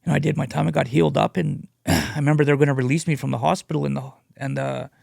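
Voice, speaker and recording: A man sharing his addiction recovery story as a guest speaker. He talks in a halting, earnest way and leans on "you know" a lot. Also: on the high side, level tone, vocal fry, darkish tone, no room sound, clean studio sound. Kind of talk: personal testimony, casual storytelling.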